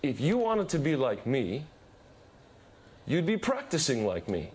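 A man voicing a patient grown male athlete who corrects a fan calmly. He speaks in a measured, steady tone, polite but firm. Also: mid-range voice, a little hiss or hum. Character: calm famous male ballplayer, patient and firm.

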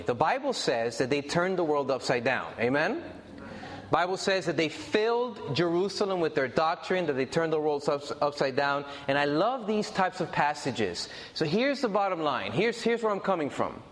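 A man preaching a sermon with a high, very animated voice that rises and falls through every phrase. He talks to the congregation directly, repeating and stressing his key points. The sound carries the long reverb of a large hall.

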